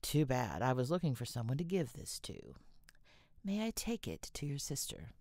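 A woman reading the part of a polite, obliging teenage boy, courteous and soft-spoken. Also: extremely low pitch, wildly swooping pitch, moderate pace, no echo, studio quality, full character voice. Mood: friendly.

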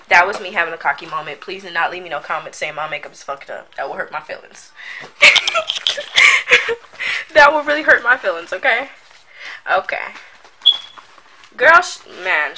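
This young adult vlogger has a lowish, sing-song voice, talking at a moderate pace with frequent pauses as she packs at home. Her casual talk to viewers is goofy, overdramatic, and slang-heavy, and the built-in camera mic recording is very noisy.

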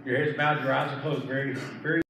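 A man's voice: mid-range voice, level tone, brisk, a bit bright. A middle-aged man, a pastor, preaching an emphatic sermon with repeated phrases. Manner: emphatic, repetitive preaching with rising intensity. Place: church sanctuary. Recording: echoey church from far off, noisy.

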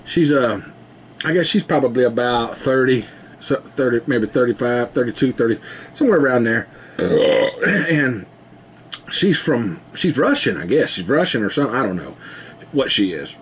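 A male vlogger rambles casually to his camera at home, laughing often. His voice is medium-pitched and animated, his pace moderate, with slight background noise.

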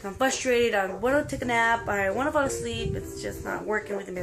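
A woman's voice: mid-range voice, fairly quick, gravelly, few pauses, over music. A young woman chatting casually in a rambling daily vlog, at times frustrated. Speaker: vlogger.

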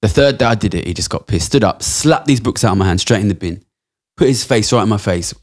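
A rapid-fire man from England in his thirties with a lowish voice. He talks in a blunt, passionate way and swears often. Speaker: podcast guest. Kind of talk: casual interview talk.

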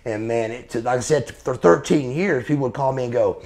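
Interview guest: gravel-edged man in his forties, blunt, profane storyteller, mid-range pitch. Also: moderate pace, a little mellow. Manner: profane, blunt storyteller calling the listener brother. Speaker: interview guest, former pro wrestler. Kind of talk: casual anecdotal interview.

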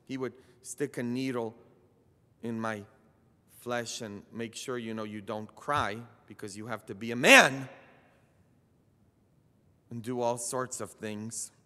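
A male priest delivers a sermon at a very slow, deliberate pace, his voice bright and sharp. He leans on emphatic phrases that build to loud peaks. The sound carries a long church reverb. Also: medium pitch, steady tone. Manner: slow, emphatic preaching that swells to loud climaxes. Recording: echoey church hall.

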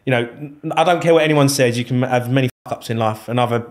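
A man's voice: medium pitch, fast talker. A man guesting on a podcast as a former footballer, telling his story candidly and swearing freely. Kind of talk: casual storytelling interview.

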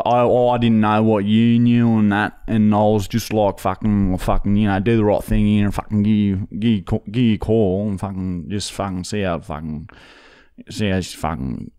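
A man's voice: on the low side, steady tone, normal speed, dark tone, clear, resonant tone, natural voice. A man putting on a rambling, crude bloke for a prank phone call, swearing and stammering. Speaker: prank caller.

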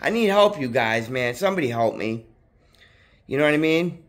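Here a man speaks in a mid-range voice at normal speed, vlogging about something personal. He rambles casually, heavy on profanity and phrases like "dude" and "you know what I mean," and his excitable voice jumps up when he gets worked up.

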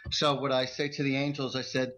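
A man's voice: mid-range voice, level tone, brisk, bright, forceful tone. A man co-hosting a psychic radio show, chatting in a playful, joking, rambling way. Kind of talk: casual radio chat.

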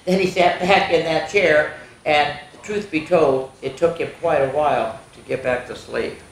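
A woman reading a spooky children's story aloud, expressive, with gasps and little asides to young listeners. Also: low voice, normal speed, gravelly. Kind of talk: reading a spooky picture book aloud to kids. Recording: roomy echo.

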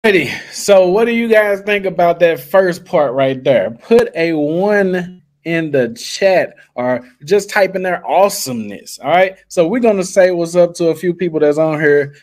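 A man's voice: fairly high pitch, a little mellow. A man hosting a live screen-share tutorial, hyping his method with slangy patter and talking straight to his viewers. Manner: hyped, slangy salesman patter; talks straight to viewers, often says "guys". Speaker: livestream host.

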